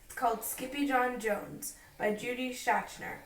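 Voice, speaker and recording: A young woman gently reads a bedtime picture book aloud to a small child. Her voice sits slightly high. The sound is roomy and picked up from a distance. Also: unhurried, a little hiss or hum. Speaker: storyteller. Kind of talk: bedtime story read-aloud. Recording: roomy, from far off the mic.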